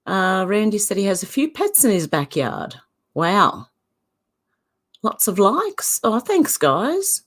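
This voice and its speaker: A woman's voice: mid-range voice, very animated, slow. An Australian woman hosting a casual livestream, greeting viewers by name and reading their comments aloud. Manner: greets chatters and reads comments aloud, chatty. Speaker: livestream host. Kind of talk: casual live-chat talk.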